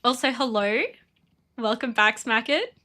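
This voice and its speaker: A young woman streams a game and chats bubbly with her viewers. Her nose is stuffy and she sniffles between lines. Her voice is bright and a little high, and she talks at a slow, easy pace. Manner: chatty, bubbly, talks to chat. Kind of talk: casual live-stream chat.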